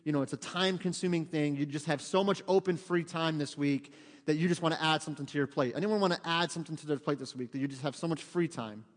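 A man preaching a sermon in a church, talking to the congregation in a lively, conversational way and acting out quotes. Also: fairly high pitch, fast, long reverb tail. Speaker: pastor. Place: church sanctuary.

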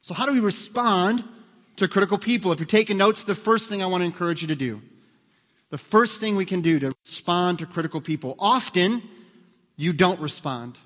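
A man in the pulpit gives a sermon in a conversational way, often asking the congregation questions. His voice sits a little high for a man. His voice carries a long reverb, as in a church sanctuary. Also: brisk, a bit bright. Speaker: pastor.

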